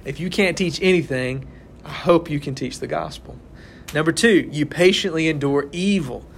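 In a casual Bible study, a young man addresses a small group with an informal sermon, talking conversationally and asking "right?" again and again. His voice is fairly high and creaky, at a moderate pace, with slight background noise.

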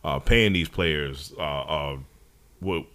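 A man co-hosting a casual sports talk show, speaking in a relaxed, halting way with many fillers. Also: a bass voice. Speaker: podcast co-host.

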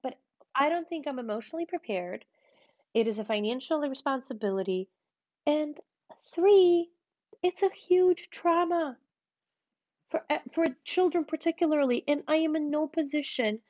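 A woman guest speaking candidly in an interview, telling her story in a frank, animated way and acting out what other people said. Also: normal speed, dry recording. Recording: muffled low-fidelity audio.

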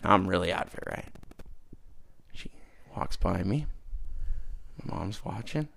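A young man with a low, gravelly voice telling a rambling story in a casual chat over beers in a garage. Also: a little slow, a little hiss or hum. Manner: rambling, animated, gets loud when telling the punchline. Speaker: podcast host telling a story.

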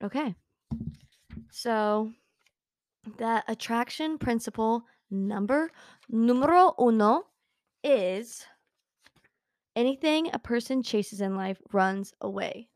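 A woman's voice: a little high, slow, pauses often, a little mellow, no room sound, studio quality. A young woman hosting a casual talk show, chatty and bubbly, giggling often as she reads from a book. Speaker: podcast host. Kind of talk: casual chat with book readings.

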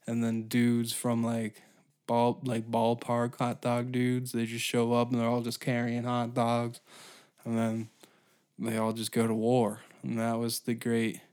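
A man's voice: medium pitch, darkish tone. A man hosting a solo comedy podcast, ranting in a crude, profane, rambling way. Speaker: podcast host.

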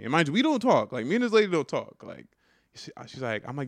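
A man's voice: fairly high pitch, big pitch swings, quick pace, creaky, breathy edge, no echo, studio quality. A man co-hosting a podcast, telling a story, full of "like" and "right?". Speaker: podcast co-host. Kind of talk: casual storytelling chat.

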